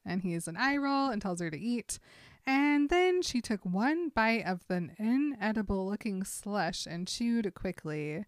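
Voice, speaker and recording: A woman's voice: mid-range voice, expressive, unhurried, clean tone, no room sound. Woman podcaster recapping a story, giggly, chatty, dry close sound. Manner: chatty, giggly, retells scenes. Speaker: podcast co-host. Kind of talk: casual book recap chat.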